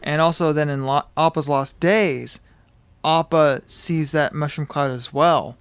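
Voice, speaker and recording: A man co-hosting a casual podcast chat, relaxed and thoughtful, with some false starts. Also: on the high side, a little slow, clear, resonant tone, no room sound. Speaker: podcast co-host.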